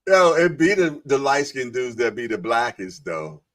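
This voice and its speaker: A man's voice: mid-range voice, very animated, moderate pace, fairly bright tone, far from the mic. A man co-hosting a casual livestream, laughing often and reading viewer comments aloud in slangy banter. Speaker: podcast co-host.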